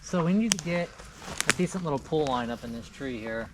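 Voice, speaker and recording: Tree crew owner, male, easygoing talker, slightly high voice, clear outdoor job-site noise around him. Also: expressive, a little fast. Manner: chatty, laid-back, talks while working. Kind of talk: casual work vlog narration. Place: outdoors in a yard. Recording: outdoor work noise behind voice.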